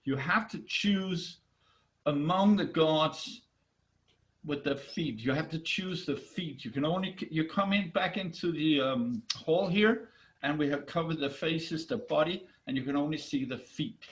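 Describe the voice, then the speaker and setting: Calm commanding god-king, man's storyteller voice, firm and soothing, slightly high, unhurried. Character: calm authoritative old king of the gods.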